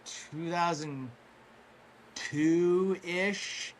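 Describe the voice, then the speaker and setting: A man telling a long story in casual chat, rambling with fillers and restarts, clearing his throat as his voice wears out. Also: a little high, steady tone, drawn-out words, slight background noise. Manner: rambling, full of fillers and restarts, swears freely. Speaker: guest storyteller.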